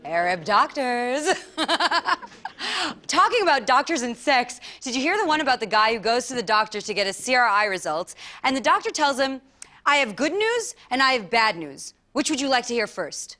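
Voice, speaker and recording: A woman doing a stand-up comedy act, laughing at her own jokes and filling the gaps with awkward pauses. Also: fairly high pitch, very animated, sharp tone. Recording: live stage with music and audience.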